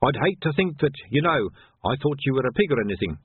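A man's voice: mid-range voice, very animated, slightly rough, dry recording. A man reading a story aloud, voicing an eager, shifty male street pie seller with a wheedling sales patter. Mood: flustered. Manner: fast wheedling sales patter, flustered stammering. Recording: dry, phone-like narrow sound.

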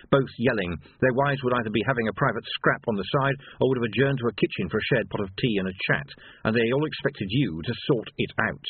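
Male audiobook narrator, wry measured reading, husky voice, lively pitch, tinny dry sound. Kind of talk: scripted narration.

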